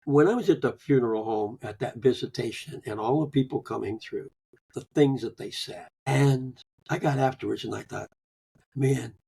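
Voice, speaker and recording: Older male guest, gravelly and husky, homespun storyteller who drops to a murmur at line ends. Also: medium pitch, normal speed. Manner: folksy storytelling with chuckles, trailing off softly. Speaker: guest, grief author. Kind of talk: conversational interview.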